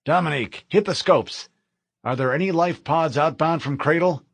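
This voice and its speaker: A man's voice: fairly high pitch, normal speed, slightly rough, no echo, voice pushed up. A man voicing a male starship captain in an audiobook, growling clipped orders on the bridge. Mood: urgent. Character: gruff male starship captain, tense and angry.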